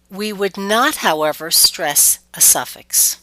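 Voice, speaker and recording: A woman teaching pronunciation in a clear, deliberate scripted lesson, stretching out example words. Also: fairly low pitch, sharp tone, no room sound.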